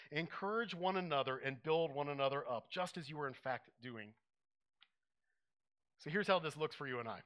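A man preaching a sermon, conversational and animated, acting out little quotes as he teaches. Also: on the high side. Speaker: pastor.

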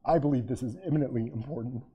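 A man's voice: mid-range voice, fast talker, breathy edge, highs cut off. A man preaching a sermon as pastor, asking his congregation rhetorical questions and rising to fervent emphasis.

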